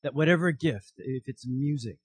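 A man preaching a sermon, telling a story with lively, animated voices for its characters. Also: mid-range voice, moderate pace, husky, no echo. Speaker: pastor.

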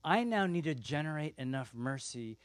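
A man preaching a sermon, his voice sitting a bit high for a man and sounding dry and close, with no room echo. He tells stories in a casual, animated way, full of "like" and "right?", and swings between loud bursts and hushed, soft lines. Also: normal speed. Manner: conversational, with frequent "like" and "right?". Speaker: pastor.

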